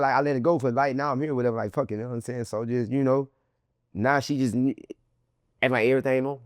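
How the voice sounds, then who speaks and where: A man being interviewed as a guest, telling his story in animated, profane slang and acting out what others said in a raised voice. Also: fairly high pitch, no echo, clean studio sound. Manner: acts out quoted people in a raised voice.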